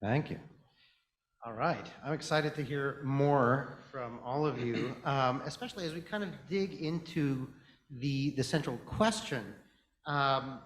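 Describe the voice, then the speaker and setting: A man moderating a panel discussion, measured and a little hesitant as he leads into questions. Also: mid-range voice. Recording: roomy echo.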